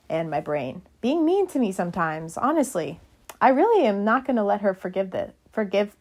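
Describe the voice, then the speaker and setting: A woman's voice: medium pitch, a little mellow. A young woman vlogger narrating casually, chatty and rambling with a self-deprecating streak.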